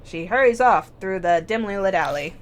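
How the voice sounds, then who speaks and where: A woman's voice: mid-range voice, expressive, moderate pace, soft background music. A young woman hosting a let's play, reading a visual novel aloud with wry, joking asides.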